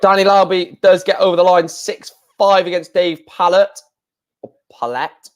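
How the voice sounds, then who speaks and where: A man's voice: high voice, little pitch movement, normal speed. A man hosting a live stream, chatting casually and correcting himself as he goes. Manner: chatty, thinking aloud, self-correcting.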